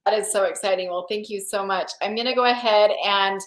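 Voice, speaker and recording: A woman's voice: mid-range voice, steady tone, brisk, fairly bright tone, roomy sound, poor audio. A woman hosting a video call, chatting casually and with enthusiasm. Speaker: host.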